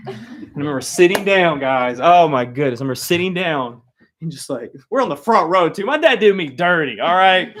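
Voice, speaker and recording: A man telling a funny personal story to a live audience, animated and self-mocking. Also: a little high, brisk. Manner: animated, self-mocking, acts out loud quoted lines.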